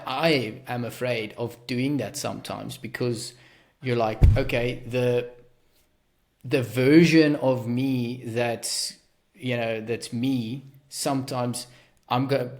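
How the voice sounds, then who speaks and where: A man with a South African accent hosting a podcast, talking in a rambling, self-deprecating way with many restarts. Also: mid-range voice. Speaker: podcast host. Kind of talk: casual podcast conversation.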